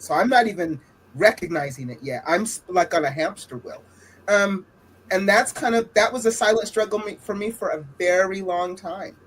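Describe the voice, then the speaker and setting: A woman on a podcast panel, speaking openly and haltingly about a private struggle, often repeating herself as she searches for words. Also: lowish voice. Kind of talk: candid personal sharing.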